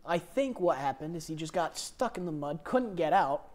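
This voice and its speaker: A man making dry, deadpan remarks while commenting on a film. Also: a little high, normal speed. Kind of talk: casual film commentary chat.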